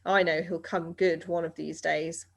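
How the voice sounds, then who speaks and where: A woman's voice: on the low side, level tone, unhurried, vocal fry. A woman reading aloud and voicing a skinny, chatty young boy, eager and friendly.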